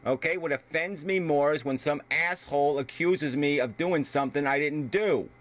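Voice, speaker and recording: A man's voice: fairly high pitch, normal speed, fairly bright tone. A man from the United States arguing heatedly in a video debate, combative and full of profanity. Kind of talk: heated argument.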